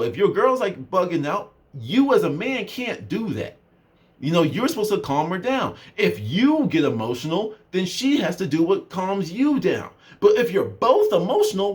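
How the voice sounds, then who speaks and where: A young man casually telling a story to camera as a self-improvement vlogger, with lots of fillers. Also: a little high. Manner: animated storytelling, many fillers. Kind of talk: casual talking-to-camera chat.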